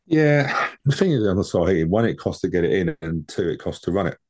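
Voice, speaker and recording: A man's voice: sits low, big pitch swings, fast, darkish tone. A man co-hosting a casual football podcast from home, chatty and rambling, often repeating his words. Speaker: podcast co-host.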